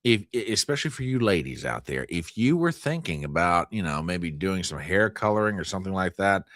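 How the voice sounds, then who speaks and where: A man's voice: low-pitched, very animated, brisk, a bit bright, dry recording, clean studio sound. A man hosting a live news stream, joking with his chat in exaggerated mock outrage. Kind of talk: joking livestream commentary.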